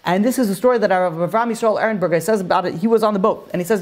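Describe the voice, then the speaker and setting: A man's voice: high-pitched, fast talker, few pauses. A man, a rabbi, telling stories in a Torah class, conversational with frequent fillers and restarts, lifting his voice when he quotes characters. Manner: animated storyteller who raises his voice for quoted characters.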